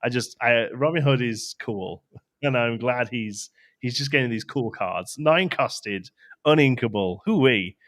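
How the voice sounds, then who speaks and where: A man's voice: medium pitch, measured pace, fairly bright tone. A man co-hosting a casual card game livestream, rambling and restarting his sentences, laughing often. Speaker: co-host. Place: home studio, livestream.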